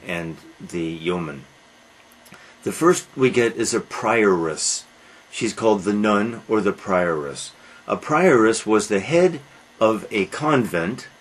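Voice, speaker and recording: A man's voice: on the low side, slightly rough, low-quality recording. A man lecturing on literature to a class, asking rhetorical questions and answering them himself, with frequent uhs.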